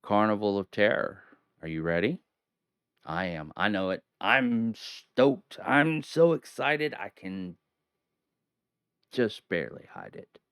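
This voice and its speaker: Slow, hammy horror-channel showman. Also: lowish voice, expressive, fairly bright tone, smooth, dry recording, clean studio sound. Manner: hammy spooky showman, rambling asides. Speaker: horror movie review host. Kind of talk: theatrical solo video review. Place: home at night.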